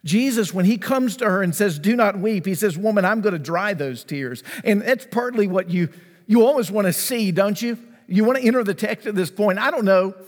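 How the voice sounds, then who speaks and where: A man preaching a sermon in a high, light voice, his words ringing with long reverb through a large hall. He is emphatic, drops to a hush and then rises, and repeats key phrases for weight. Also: animated, normal speed. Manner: emphatic, repeats key phrases, swings between hushed and rising delivery. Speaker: pastor.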